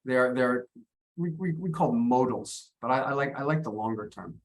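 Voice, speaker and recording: An American man leads an online English lesson at a middle pitch. He explains patiently but haltingly, stumbling over and repeating his words as he goes. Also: lively intonation. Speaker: English teacher.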